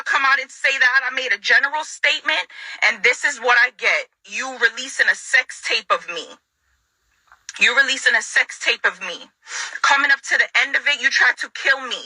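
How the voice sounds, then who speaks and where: A woman's voice: fairly high pitch, bright, forceful tone, dry recording, rough recording. A young adult woman ranting straight at an ex, confrontational and repeating lines for emphasis. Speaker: vlogger addressing her ex. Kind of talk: angry direct-to-camera rant.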